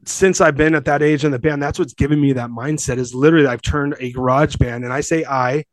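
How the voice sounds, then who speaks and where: A man's voice: mid-range voice, fairly even intonation, fairly quick, no echo. A man in his forties from Southern California, a gym owner telling his story as a podcast guest in a profane, emphatic, rambling way. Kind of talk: casual storytelling.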